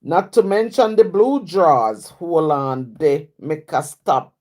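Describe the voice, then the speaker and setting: Her low-pitched voice takes things slowly as this Jamaican writer and poet, speaking with a Jamaican accent, delivers her rhyming poems in a rhythmic patois cadence. On the live stream she then chats casually with viewers, dropping in fillers.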